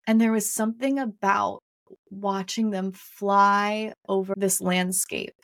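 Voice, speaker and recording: A young woman hosts a podcast and tells her own story in an open, reflective way. She talks at an average pitch and often circles back over the same words. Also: steady tone, slow, vocal fry, a bit bright. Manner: candid, reflective, repeats phrases often. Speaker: podcast host. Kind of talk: personal storytelling monologue.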